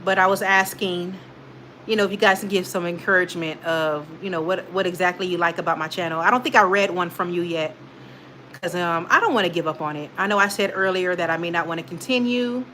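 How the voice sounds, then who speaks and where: A woman's voice: fairly low pitch, a little fast, pushed and bright, a little hiss or hum. A young woman hosting a casual livestream, chatting straight to her viewers and reading their comments, rambling with many fillers. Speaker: channel host reading live chat.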